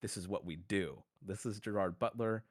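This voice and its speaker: A man's voice: fairly low pitch, normal speed, dry recording, studio quality. A man co-hosting a podcast, arguing his case in a playful, rambling, mock-formal way and laughing often. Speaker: podcast co-host. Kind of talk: casual mock-courtroom argument.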